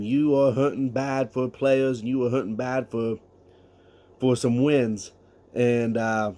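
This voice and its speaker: A man's voice: on the high side, a little mellow. A man giving casual solo sports talk, emphatic, reading out statistics and asking rhetorical questions. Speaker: sports commentator.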